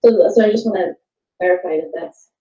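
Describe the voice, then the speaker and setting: A woman speaking at a parenting workshop in a thoughtful, halting way, often restarting her sentences. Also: lowish voice, dark tone. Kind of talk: workshop talk. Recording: echoey room, dull sound.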